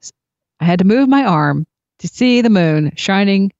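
A woman tells a personal story in a reflective, unhurried way. Her voice sits low and mellow. The recording is dry and slightly dull. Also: expressive, no echo. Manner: reflective, unhurried anecdotal telling. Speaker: speaker sharing spiritual experiences.

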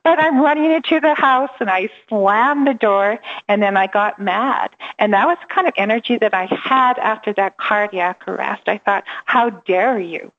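A woman's voice: medium pitch, moderate pace, hardly any pauses, dull audio. A middle-aged woman, a coach interviewed as a guest, telling her story with energy, acting out quoted dialogue and laughing often.

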